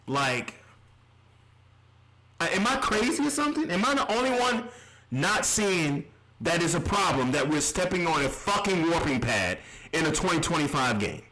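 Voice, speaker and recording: A man's voice: fairly high pitch, sing-song, normal speed, pushed and bright, low-quality recording. A man streaming live reactions, ranting in an exasperated, heavily profane way.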